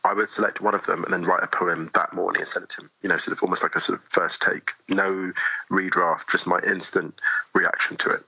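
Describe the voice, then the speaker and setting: A man talking as a guest in a casual podcast chat, animated and quick with asides, often laughing easily. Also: sits low, gravelly, slightly rough, no echo, highs cut off. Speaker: guest poet.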